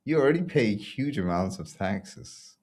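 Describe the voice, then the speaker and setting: A fairly low-pitched man hosts his own show and talks through it in a loose, sarcastic rant. He mocks what he criticises, breaks into laughter again and again, and keeps a casual, off-the-cuff tone. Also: lively intonation, a little slow, a little mellow. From Belgium. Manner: ranting, sarcastic, laughs often. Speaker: podcast host. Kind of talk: casual opinion commentary.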